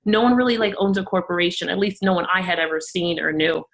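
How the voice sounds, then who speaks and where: A middle-aged woman from Miami, a guest entrepreneur telling her story in an animated way, acting out the voices of people she quotes. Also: lowish voice, fast, creaky. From Miami, Florida. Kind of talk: storytelling interview talk.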